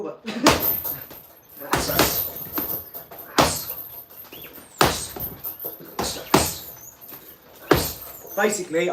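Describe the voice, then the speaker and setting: A man's voice: on the high side, very noisy. A middle-aged British man hosting a casual boxing livestream, rambling bluntly, swearing freely and talking to his viewers. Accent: British English.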